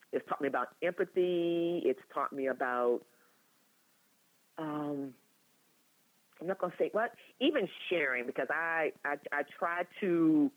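A woman in her sixties, a guest in an interview, talking in an animated, chatty way with frequent laughs and restarts. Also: deep voice. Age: 60s. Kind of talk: candid conversational storytelling. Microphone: telephone. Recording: tinny phone line.

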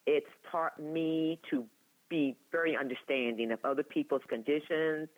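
A woman's voice: sits low, moderate pace. Chatty sixty-year-old woman on a phone line. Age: 60s. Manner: animated, talkative, frequent laughter and restarts. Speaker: interview guest. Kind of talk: candid conversational storytelling. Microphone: telephone.

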